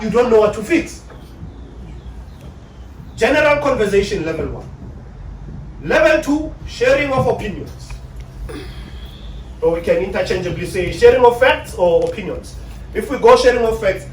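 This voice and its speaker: A South African man giving an animated motivational talk on relationships to an audience. He acts out the voices of the people he quotes. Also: high voice. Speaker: relationship speaker. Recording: echoey room, distant mic, faint hum.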